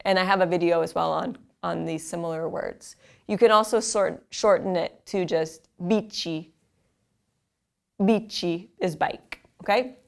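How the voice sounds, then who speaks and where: A woman in her forties teaches a language lesson at an unhurried pace. She says each word carefully, then repeats it so the learners can follow. Her voice is smooth and clear. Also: lowish voice. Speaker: Italian teacher.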